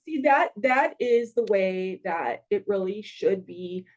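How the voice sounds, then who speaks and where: A woman's voice: medium pitch, expressive, slow pace, highs cut off. A woman hosting an interview, prompting her guest and affirming her. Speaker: host. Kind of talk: casual interview.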